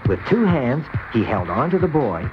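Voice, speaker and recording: A man narrating a children's storybook cartoon with an expressive reading, on a dull lo-fi VHS tape. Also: medium pitch, normal speed, over music.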